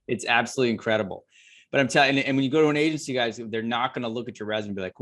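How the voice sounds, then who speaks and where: A man's voice: mid-range voice, racing, a bit bright. A man hosting an interview, talking emphatically and addressing his listeners as guys. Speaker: host and course creator.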